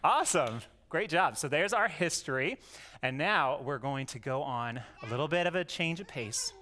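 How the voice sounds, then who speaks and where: A man's voice: fairly high pitch, lively intonation, normal speed, background noise. A man giving a playful home lesson to his young daughters, coaxing them to repeat words and joking as he goes. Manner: goofy, jokey, coaxing. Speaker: homeschooling parent teaching his daughters.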